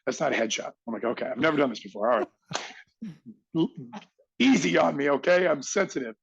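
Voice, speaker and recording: A middle-aged man speaks as a podcast guest with a raspy, gravelly, slightly high voice. He tells his story with motivational drive and acts out the people in it. The recording is dull and lo-fi, in a dry room. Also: brisk, no room sound. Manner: animated, acts out others' lines in quotes.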